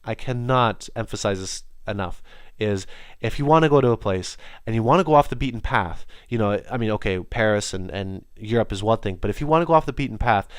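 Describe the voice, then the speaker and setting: A man's voice: lowish voice, expressive, brisk, clear, resonant tone, dry recording, clean studio sound. A young man hosting a podcast, talking alone in a casual, enthusiastic, rambling way with many restarts. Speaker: podcast host. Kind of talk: casual solo monologue.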